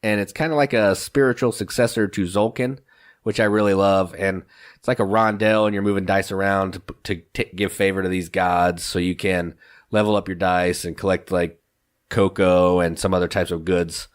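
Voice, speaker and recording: A man's voice: low voice, level tone, moderate pace. A man co-hosting a board game podcast in casual chat, upbeat and enthusiastic, laughing often. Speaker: podcast co-host.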